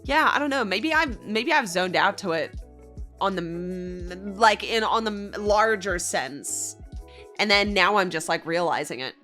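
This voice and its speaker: A woman's voice: mid-range voice, lively intonation, a little slow, pushed and bright, faint music behind. A young Australian woman streaming, chatting casually and giggly with her viewers. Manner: bubbly, giggly, chats with viewers. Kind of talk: casual livestream chat.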